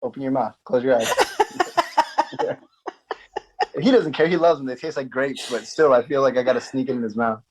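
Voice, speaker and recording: A man's voice: medium pitch, moderate pace, pauses often, husky, low-quality recording. A man hosting a podcast, chatting casually and laughing as he tells stories about his young kids. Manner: laughing, relaxed storyteller. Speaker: podcast host. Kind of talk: casual chat.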